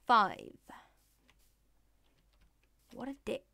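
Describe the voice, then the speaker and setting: A woman speaks extremely slowly as she offers casual Minecraft let's-play commentary, addressing mobs and villagers and swearing playfully along the way. There's background noise in the recording.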